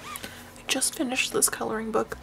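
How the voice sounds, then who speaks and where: A woman vlogger chatting casually while showing her coloring books, rambling and self-deprecating, with sighs and hushed asides. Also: on the high side, huge pitch swings, normal speed, vocal fry, background noise. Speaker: craft vlogger.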